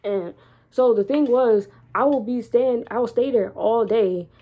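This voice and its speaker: A woman's voice: fairly high pitch, unhurried, phone-quality sound, a little hiss or hum. A young adult woman vlogging, telling a personal story in an informal, candid way and repeating phrases for emphasis.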